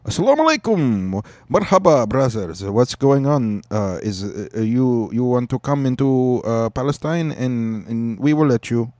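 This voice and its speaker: Guy putting on a loud hammy accented elder, pitched way up, dry sound. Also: animated, a little slow, few pauses, no room sound, lightly acted. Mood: boastful. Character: grandiose male Palestinian elder, mock accent.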